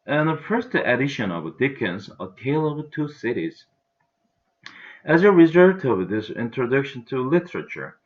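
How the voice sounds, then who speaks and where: A man with a Korean accent, an English teacher reading a children's novel aloud in an expressive, animated way, on a dull lo-fi recording. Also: mid-range voice.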